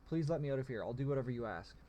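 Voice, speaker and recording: A man's voice: medium pitch, lively intonation, very fast, dark tone, a little hiss or hum, natural voice. A man voicing a caged male tiger mage who pleads for release and defies authority. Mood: pleading. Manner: pleading, defiant.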